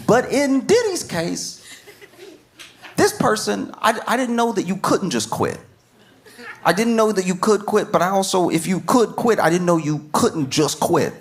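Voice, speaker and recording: A man's voice: sits high, lively intonation, measured pace. A man doing a stand-up comedy set, riffing with disbelief and repeating his lines for effect.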